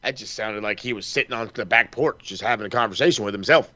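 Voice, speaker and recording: A man's voice: on the low side, fast, dry recording, lo-fi sound. A man co-hosting a casual wrestling podcast, rambling and profane, acting out quoted lines as he tells it. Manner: rambling, profane, animated storytelling with quoted asides. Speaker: podcast co-host.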